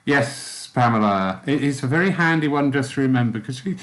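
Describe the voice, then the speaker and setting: A man leading a church group's guided meditation, then chatting casually with them in a gentle, soft-spoken way. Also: mid-range voice, animated, a little fast. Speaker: spiritualist church meditation leader.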